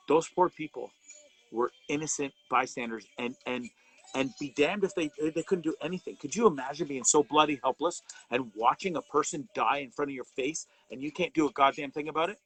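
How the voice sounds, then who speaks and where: A man hosting a live talk show speaks with raw anger, cursing freely and tripping over repeated words as he pushes his point. His voice sits a little high for a man. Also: fairly bright tone, rough recording. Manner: angry, profane, repeats and restarts words. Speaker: host of a live wellness show. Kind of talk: impassioned live commentary.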